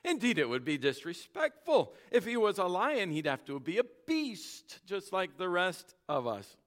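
A man's voice: sits high, very animated, normal speed, pitched above the performer's own voice. A man voicing a proud, boastful male horse that lectures in a raised, pompous voice as he reads a story aloud. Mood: pompous, lecturing.

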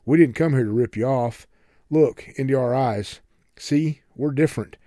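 A man's voice: medium pitch, normal speed, warm tone, no room sound, studio quality, natural voice. A man voicing an earnest, urgent young man who has given up crime. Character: young reformed tough guy, earnest.

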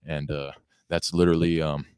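A man from North County San Diego, a guest on a casual podcast, telling a profane, animated story about his phone company. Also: a bass voice, moderate pace, clear, resonant tone, no room sound, studio quality. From North County, San Diego, California. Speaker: guest rapper.

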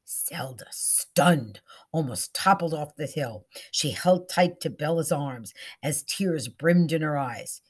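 A woman reading a story aloud with expression, dropping to soft whispers at tense moments. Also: deep voice, slow, husky. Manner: expressive, shifting into soft whispers and raised character voices.

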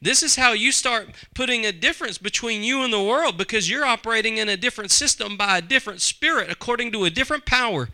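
A man's voice: high voice, quick pace, hardly any pauses, pushed and bright. A man preaching a sermon, conversational and full of rhetorical questions to the congregation. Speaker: pastor.

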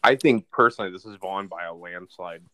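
A man co-hosting a podcast in casual chat, giving emphatic, animated opinions. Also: sits low, a little fast. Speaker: fantasy league podcast co-host.

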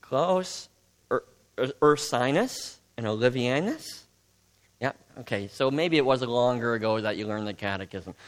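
A man's voice: medium pitch, expressive, measured pace. A man, a pastor giving a conversational teaching sermon and asking his congregation questions.

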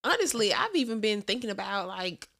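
A woman's voice: mid-range voice, big pitch swings, a little fast, vocal fry, pushed and bright. A woman with a Southern US accent co-hosting a podcast in casual, slangy chat, laughing easily. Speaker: podcast co-host.

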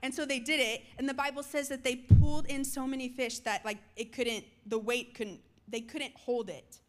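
A young woman preaching a sermon to students, moving between loud calls and soft, hushed lines. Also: high voice, fairly even intonation, normal speed, faint music behind. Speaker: youth speaker.

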